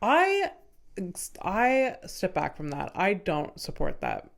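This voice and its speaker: Slow-talking chatty young woman. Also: lowish voice, wildly swooping pitch, gravelly. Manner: chatty, laughs often, acts out movie scenes. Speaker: podcast co-host. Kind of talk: casual chat.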